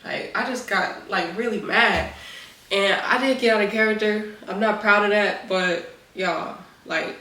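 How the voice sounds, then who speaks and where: A woman's voice: mid-range voice, unhurried. Woman telling a story in a roomy echo. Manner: animated casual storytelling to viewers. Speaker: vlogger. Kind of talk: storytime mukbang chat. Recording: roomy echo, voice a bit far from the mic.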